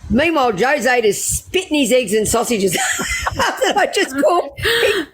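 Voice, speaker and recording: A woman's voice: high-pitched, very animated, measured pace, fairly bright tone. A middle-aged woman with an Australian accent telling brash, swearing anecdotes in casual chat. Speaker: storyteller. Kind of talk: casual storytelling. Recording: noisy background.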